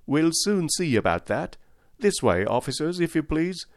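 A man reading aloud and voicing a blustering, mocking middle-aged male villain, pitched above his own voice. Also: sing-song, normal speed, dry recording, clean studio sound. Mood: indignant. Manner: sneering and mocking.

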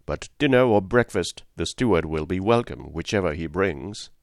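A man's voice: low voice, animated, moderate pace, no room sound, studio quality. A man voicing a blunt, hot-tempered male harpooner in an audiobook story. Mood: impatient. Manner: blunt, impatient.

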